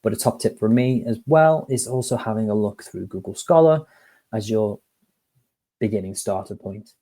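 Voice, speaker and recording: A man's voice: fairly low pitch, normal speed, mellow. Chatty man tutoring. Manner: chatty, addresses viewers directly. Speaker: HR course tutor. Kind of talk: casual lesson with storytelling.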